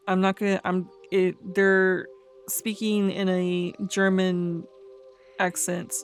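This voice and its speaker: A woman's voice: fairly low pitch, level tone, slow pace, soft background music. A woman casually commenting on a game, reading quest text aloud, laughing and stumbling over fantasy names. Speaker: let's play host.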